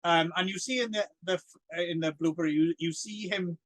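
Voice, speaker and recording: A man co-hosting a podcast, chatting casually about a film in an animated way and laughing often. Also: high voice, brisk, no room sound. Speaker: podcast co-host. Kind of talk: casual film review chat.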